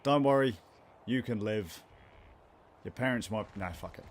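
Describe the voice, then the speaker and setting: A man's voice: on the low side, a little slow, husky. A man rambling and muttering to himself as he streams a video game late at night, swearing casually between thoughts. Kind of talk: casual gameplay stream commentary. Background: game music.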